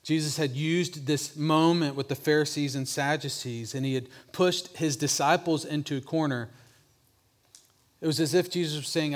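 A male pastor preaching a sermon, with restarts, dropping softer to voice a repeated question. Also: a little high, steady tone, normal speed. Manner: preaching with restarts, drops softer when voicing Jesus' question.

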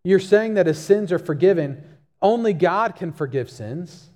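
A man's voice: high voice, animated, unhurried, a little mellow, in a large hall. A male pastor preaching a sermon, emphatic and repeating key phrases for stress.

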